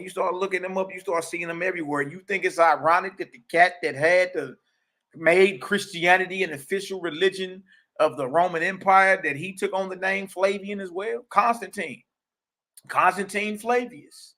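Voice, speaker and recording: Man teaching a religious history lesson, streetwise and emphatic, with a bright, slightly high voice. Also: normal speed.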